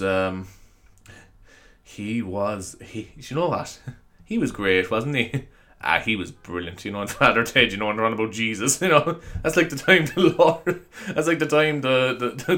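A man's voice: mid-range voice, pushed and bright. A young Irish man hosting his own podcast, tired, chatting in a rambling, self-mocking way and laughing often. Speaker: podcast host. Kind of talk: casual solo podcast chat.

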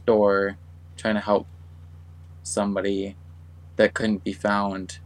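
A man talking casually on a podcast, rambling and trailing off as he thinks out loud. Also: on the low side, completely flat delivery, slow pace, low-quality recording. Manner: rambling, trails off and restarts, soft-spoken. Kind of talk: casual chat.

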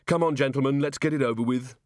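A cool, composed young female constable, as a male narrator puts her on. She speaks quietly and unbothered, lifted slightly above the reading voice, recorded dry. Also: a little high, a little slow, clean tone, no room sound, voice pushed up.

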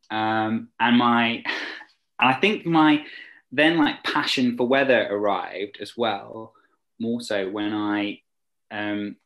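Man, young adult, casual interview guest, eager and rambling, somewhat low voice. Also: a bit bright, low-quality recording. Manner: enthusiastic, rambling with fillers.

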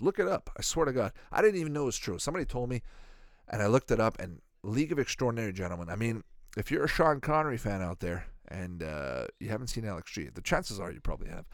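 A man's voice: medium pitch, a bit bright, dry recording, clean studio sound. A man in his thirties giving rambling, profane, joking commentary while watching a cartoon. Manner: rambling, profane, jokey asides. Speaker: reaction video host.

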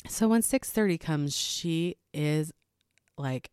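A woman's voice: low-pitched, expressive, slow pace, a little mellow, clear, resonant tone, no echo, studio quality. A woman in her thirties, tired after a sleepless night, casually telling a rambling story about her night with a self-mocking laugh. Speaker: podcast host.

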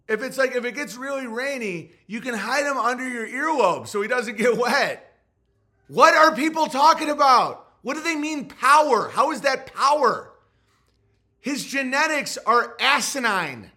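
A man's voice: high voice, lively intonation, moderate pace, pushed and bright. A man hosting a podcast, riffing through rambling, profane comedic commentary. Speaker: podcast host.

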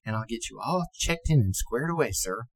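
An older man voicing an effeminate male Navy yeoman who is cheerful and polite, with a soft, sing-song manner. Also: mid-range voice, animated, brisk, breathy edge, low-quality recording.

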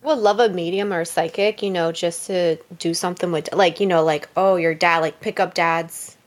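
A woman's voice: lowish voice, steady tone, normal speed. A woman in a casual chat with friends, talking loosely and swearing. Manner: loose, profane, chatty.

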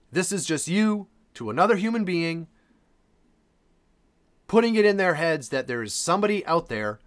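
A man's voice: on the high side, fairly bright tone. A man hosting a podcast, talking casually and earnestly, repeating phrases for emphasis. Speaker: podcast host.

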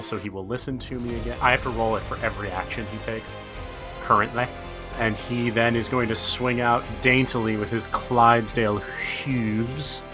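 A man playing a tabletop game, chatting in a playful, wisecracking way. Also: mid-range voice. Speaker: player. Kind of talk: casual chat at a tabletop game.

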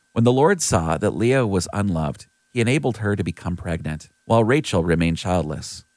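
Brief: steady male scripture reader, expressive low voice, dry studio sound. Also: no echo. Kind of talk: scripted Bible reading.

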